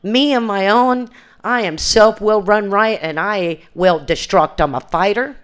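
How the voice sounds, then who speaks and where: An older woman tells her recovery story at an alumni reunion. Her voice is smooth and clear, and she speaks in earnest, plain words. She often circles back and restarts her sentences and acts out the conversations she recalls. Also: medium pitch, a little slow. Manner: earnest, plain-spoken, with frequent restarts and quoted exchanges. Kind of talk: personal testimony at a recovery reunion.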